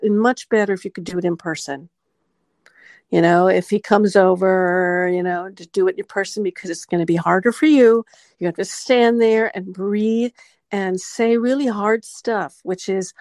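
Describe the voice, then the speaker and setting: A woman's voice: medium pitch, normal speed, a little mellow, no room sound. Earnest woman coaching on relationships. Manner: earnest, models scripts in first person. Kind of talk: advice talk.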